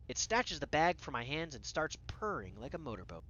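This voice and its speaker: A narrator telling a whimsical story as a casual, conversational voice-over, animated with dramatic pauses. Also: medium pitch, dull audio, slight background noise.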